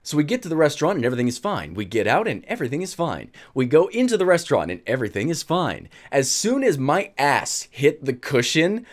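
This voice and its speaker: A man telling a personal story for his vlog in a lively, animated way. His voice swings up and down as he narrates, and he breaks into laughter often. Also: a little high, a little fast, hardly any pauses.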